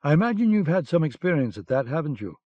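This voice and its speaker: A man's voice: a little high, big pitch swings, quick pace, no room sound. Man voicing a barking German army lieutenant. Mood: interrogating. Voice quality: barking, commanding. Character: blustering German army lieutenant, male, middle-aged. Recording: dull lo-fi cassette audiobook.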